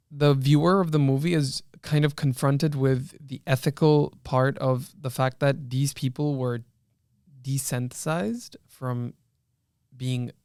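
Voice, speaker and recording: A man's voice: mid-range voice, clean tone, no room sound, studio quality. A young man, a law student, earnestly retelling a film in a casual panel discussion, with many restarts.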